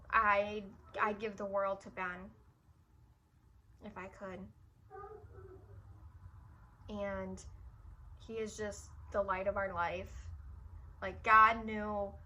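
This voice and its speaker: Young woman vlogger, bright slightly high voice, casual rambling storyteller. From Michigan. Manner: chatty, frequent "like" fillers, emotional retelling.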